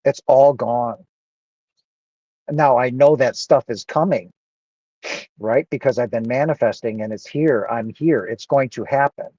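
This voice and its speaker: A man's voice: medium pitch, measured pace, long pauses, mellow, dry recording, dull audio. A man talking earnestly and emotionally into his camera in a personal monologue, close to tears and repeating himself. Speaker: vlogger.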